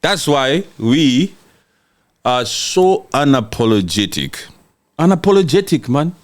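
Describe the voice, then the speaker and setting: A medium-pitched, very animated man from Congo talks slowly as he streams live political commentary. Mocking and fiery, he repeats words to drive points home and replies to what viewers write.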